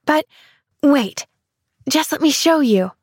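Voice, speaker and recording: Voicing a cheerful little girl for a storybook, a woman speaks high, above her natural pitch, in an animated, gushing, breathless way full of exclamations. She goes a little slowly, and the clean studio sound has no room ambience.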